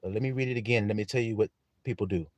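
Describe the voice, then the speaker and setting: A man preaching a livestreamed sermon in a folksy, animated way, calling on his listeners and laughing often. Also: lowish voice, rapid-fire, no echo.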